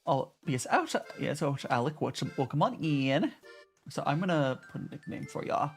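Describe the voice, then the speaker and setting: A male streamer chats casually with his viewers, his pitch bouncing up and down in a lively way. He reads messages aloud and answers them with plenty of restarts. Soft music plays quietly in the background. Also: moderate pace, gravelly. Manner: chatty, reads and answers chat, many restarts. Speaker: VTuber streamer. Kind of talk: casual live-stream chat. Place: home stream in Japan.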